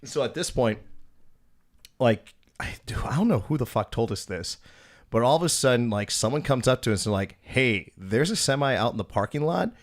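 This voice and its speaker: A man's voice: mid-range voice, expressive, moderate pace. A young man hosting a podcast, telling long profane stories in casual chat and acting out what people said. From Wisconsin. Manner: profane, rambling, acts out quoted dialogue. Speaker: podcast host, former strip club DJ.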